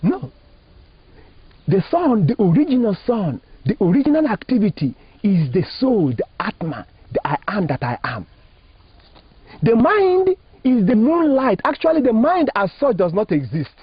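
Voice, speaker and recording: A man's voice: very high voice, very animated, normal speed, husky, no room sound. A man from Nigeria, a Catholic priest, teaching in an interview with an emphatic, preacherly manner and rhetorical questions. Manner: emphatic, preacherly, rising and falling phrasing, asks rhetorical questions. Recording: dull lo-fi dry recording.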